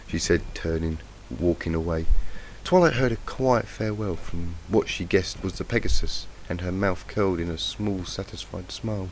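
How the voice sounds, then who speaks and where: Croaky with a cold, a fanfiction reader delivers the text plainly with a light touch of emotion, his low-pitched voice steady at a moderate pace and hardly pausing. A cheap, faulty home mic leaves the audio noisy and lo-fi.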